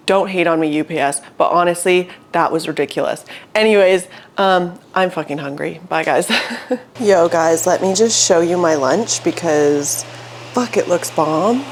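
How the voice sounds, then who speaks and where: A woman's voice: lowish voice, measured pace. A young woman chatting casually in her apartment for a vlog, telling stories with lots of "like" and frequent swearing. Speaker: vlogger and fitness brand founder.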